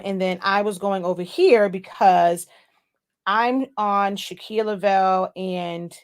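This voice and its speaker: Chatty woman hosting a live tutorial. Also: medium pitch. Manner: chatty, loose, many fillers and asides to viewers. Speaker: livestream host teaching crafting software.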